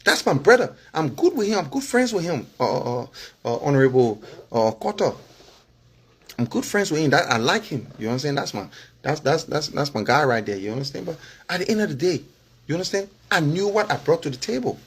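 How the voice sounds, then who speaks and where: A man with a Liberian English accent speaks straight to his followers in a loose, animated monologue. His voice sits a bit high and has a husky edge. He leans on "you understand?" and breaks into short chuckles. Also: fairly quick. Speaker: political vlogger and former candidate.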